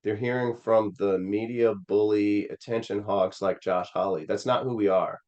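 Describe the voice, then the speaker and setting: A man's voice: lowish voice, steady tone, normal speed, a little mellow, highs cut off. A man from Missouri, a Senate candidate, telling a personal story in an interview in an earnest, rambling way with many fillers. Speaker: Senate candidate, podcast guest.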